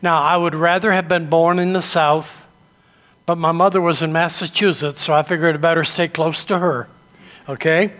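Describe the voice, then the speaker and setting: An older man from New England delivers a sermon, moving from story to story in a measured, earnest manner. His voice sits fairly high for a man. It carries a long reverb from a large hall. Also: fairly even intonation, a bit bright. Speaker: pastor.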